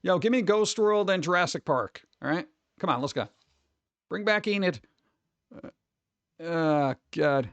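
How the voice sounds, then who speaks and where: A man's voice: high voice, lively intonation, a little slow, pauses often, fairly bright tone, no echo. A man chatting casually with his stream viewers, rambling and laid-back, calling everyone "dude.". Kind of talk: casual livestream chat.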